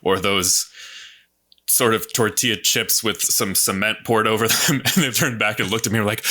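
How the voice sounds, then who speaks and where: A man's voice: lowish voice, normal speed, pushed and bright. An American man hosting a podcast, telling a funny story in a wry, self-mocking way. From United States. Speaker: podcast host. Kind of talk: casual comedic chat.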